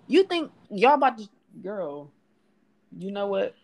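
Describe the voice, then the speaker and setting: A woman's voice: medium pitch, sing-song, measured pace. A woman co-hosting a casual chat, talking bluntly and profanely in a ranting way.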